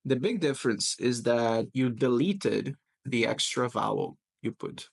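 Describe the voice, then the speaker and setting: Gravelly-voiced teacher. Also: male voice, mid-range voice. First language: Portuguese. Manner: patient, repeats words slowly to model pronunciation. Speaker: English teacher and podcast host. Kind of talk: pronunciation coaching in casual chat.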